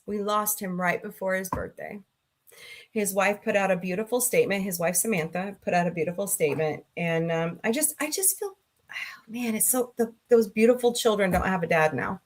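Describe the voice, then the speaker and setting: A woman's voice: mid-range voice, moderate pace. A middle-aged woman hosting a casual livestream talk show, chatting and greeting viewers by name with a sarcastic streak.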